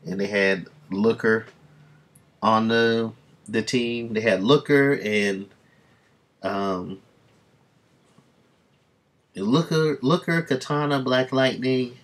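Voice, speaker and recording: A man reading comics aloud on a stream, rambling through enthusiastic fan asides and dropping into quick voices for the characters. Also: medium pitch, fairly even intonation. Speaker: comic book reader and streamer. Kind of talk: casual comic reading commentary.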